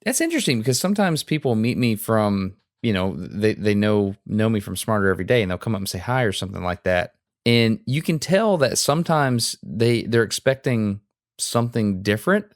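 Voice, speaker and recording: A man with a Southern US accent, chatting casually as a podcast co-host. His voice sits fairly low, and he talks in an earnest, self-deprecating way with easy laughs. The sound is dry and close. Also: animated, a little fast, no echo. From Alabama, US. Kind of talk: casual conversation.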